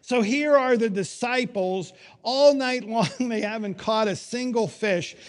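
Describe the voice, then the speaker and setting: A middle-aged man preaching a sermon, telling stories with wry humor and emphatic pauses. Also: very high-pitched. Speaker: pastor.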